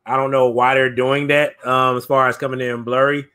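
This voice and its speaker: Male host, bright tone, easygoing unscripted delivery. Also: medium pitch. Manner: relaxed, with filler pauses. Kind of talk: casual announcement.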